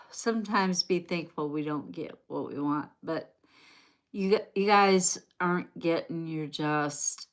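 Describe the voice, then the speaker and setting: A woman with a Southern US accent giving a rambling, chatty live-stream tarot reading, talking straight to her viewers. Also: sits low. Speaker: tarot reader.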